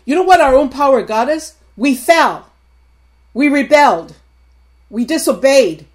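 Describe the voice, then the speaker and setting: A woman in her sixties delivering a sermon in a fairly high voice. She drives her points home by repeating them and keeps calling out to her listeners directly. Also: lively intonation, a little slow. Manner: emphatic, repetitive, addresses the congregation directly. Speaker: preacher.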